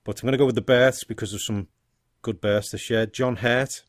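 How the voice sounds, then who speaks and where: A man co-hosting a casual film podcast, relaxed and rambling, thinking aloud with fillers. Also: mid-range voice, fairly quick, dry recording, clean studio sound. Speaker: podcast co-host.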